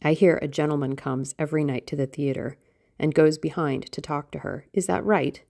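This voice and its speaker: A woman's voice: low-pitched, fairly even intonation, fairly quick, creaky, a little mellow. A woman voicing a blunt, protective young sailor son who speaks in a curt, earnest way.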